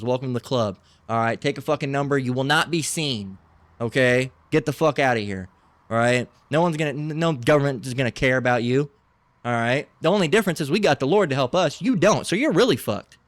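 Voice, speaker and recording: A man's voice: medium pitch, no room sound. Guy preaching off scripture, combative and mocking, stumbles a lot, dry sound no room. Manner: combative, mocking, profane asides; halting, many restarts between readings.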